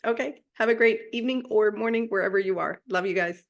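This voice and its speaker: A woman's voice: mid-range voice, fast talker, vocal fry, lo-fi sound. A woman hosting a spiritual channel, giving a casual, chatty monologue and often checking in with her listeners. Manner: chatty, often adds tag questions.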